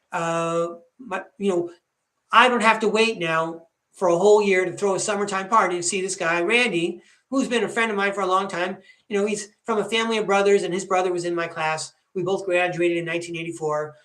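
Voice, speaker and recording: A man in his fifties hosting a podcast, telling rambling, animated stories in a casual monologue. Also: high voice, a little fast, reverberant. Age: 50s. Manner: chatty, rambling, animated storyteller. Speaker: podcast host.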